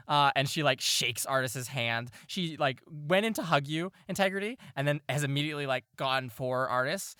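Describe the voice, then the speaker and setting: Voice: medium pitch, moderate pace, hardly any pauses, bright, forceful tone, smooth, dry recording, clean studio sound. A game master narrating a tabletop game, rambling with lots of fillers and frequent laughs.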